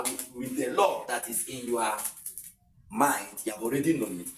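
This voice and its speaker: A man from Nigeria teaching an exam tutorial in a classroom, explaining step by step with frequent fillers and repeated phrases. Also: mid-range voice. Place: classroom with a board. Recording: roomy, distant camera mic with faint hiss.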